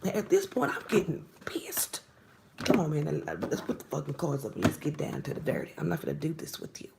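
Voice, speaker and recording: A woman's voice: low voice, big pitch swings, fast, vocal fry, very noisy. A woman giving a casual tarot reading to camera, blunt and exasperated, often dropping into whispered asides. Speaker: tarot reader.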